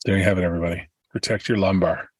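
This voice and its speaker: Husky deep-voiced man with dry teasing. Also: steady tone, rapid-fire, no echo. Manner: dry, teasing wrap-ups. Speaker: podcast co-host. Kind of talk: casual chat.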